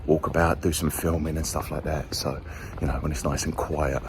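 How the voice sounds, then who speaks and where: A man's voice: a bass voice, little pitch movement, moderate pace, heavy background noise. A man narrating a book travel vlog outdoors in a city, chatty and playful. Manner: chatty, playful, enthusiastic storyteller. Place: outdoors in a quiet city street at dawn.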